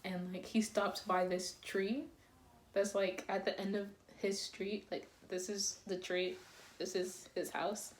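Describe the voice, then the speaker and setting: Young woman vlogger, slow unhurried delivery, giggly and animated, casual storytime. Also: mid-range voice, a little hiss or hum. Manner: giggly, breaks into laughter often; animated, dramatic retelling.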